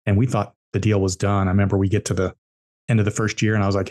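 A man with a somewhat low voice tells business stories on a podcast. He talks bluntly and drives his points home by repeating words. He speaks as an entrepreneur guest. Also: flat delivery, rapid-fire, a little mellow. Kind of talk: podcast interview storytelling.

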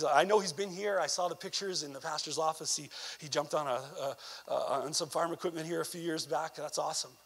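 High-voiced Canadian man preaching. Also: slightly rough. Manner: animated preaching that swells into emphatic near-shouts; conversational asides with frequent "you know". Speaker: evangelist. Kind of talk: sermon.

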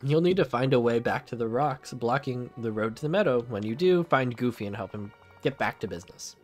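A man's voice: mid-range voice, lively intonation, brisk, soft background music, natural voice. A man voicing an elderly miserly cartoon duck tycoon, reading the game's lines aloud in a mock-grand voice.

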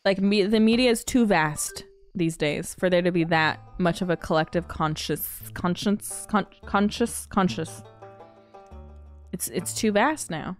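Young woman rambling to her stream chat, slow and giggly, faint music in the back. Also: on the low side. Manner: bubbly and giggly, quoting movie lines. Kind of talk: casual gaming stream chat.

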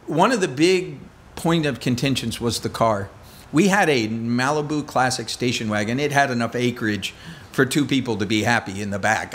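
A man's voice: mid-range voice, fairly bright tone. A middle-aged man preaching a conversational sermon as pastor, telling stories with self-deprecating humor.

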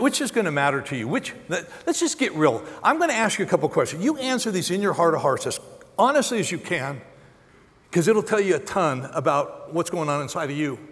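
A man preaching a sermon as a pastor, animated, acting out quotes with sudden jumps in pitch. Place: large church auditorium. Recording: long hall reverb.

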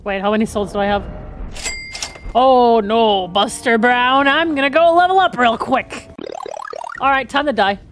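A woman gaming streamer talking through her play, excitable and swearing, often talking to herself. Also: on the high side, measured pace, long pauses, a little hiss or hum. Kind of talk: live game commentary.

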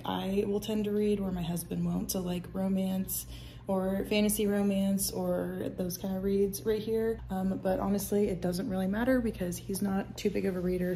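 A young woman chatting through a casual home vlog, upbeat and easygoing. Her voice sits at an ordinary pitch with a noticeable gravelly fry underneath. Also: dark tone, slight background noise. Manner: chatty, upbeat, with fillers and small laughs. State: out of breath. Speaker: vlogger. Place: home apartment.

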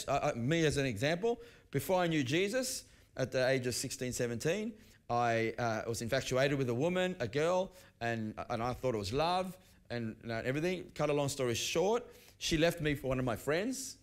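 A middle-aged man preaching a sermon, conversational, often restarting his sentences as he tells personal stories. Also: on the high side. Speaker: pastor. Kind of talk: sermon teaching.

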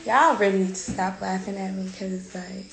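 A woman's voice: mid-range voice, fairly even intonation, moderate pace, gravelly, echoey room, a crowd in the background. A young woman chatting casually on a phone livestream, playful and teasing, laughing often. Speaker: social media host.

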